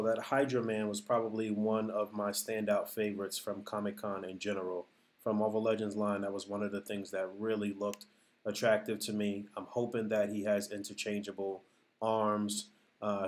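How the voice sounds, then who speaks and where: A man giving casual, reflective vlog commentary on what he saw and heard. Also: on the low side. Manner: reflective, hedging, talks things through. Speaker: vlogger.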